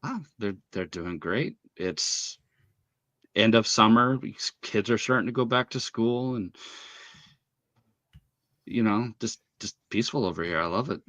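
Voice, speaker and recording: Easygoing male panelist, mid pitch, dry close mic. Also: unhurried, long pauses, a bit bright, no room sound, lo-fi sound. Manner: laid-back, amiable, laughs easily. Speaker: regular panelist. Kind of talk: casual chat.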